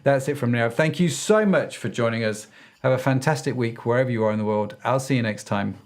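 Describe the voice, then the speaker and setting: A man's voice: mid-range voice, a little fast. Upbeat joking male podcast host. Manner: upbeat, jokey, effusive. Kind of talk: casual interview and show outro.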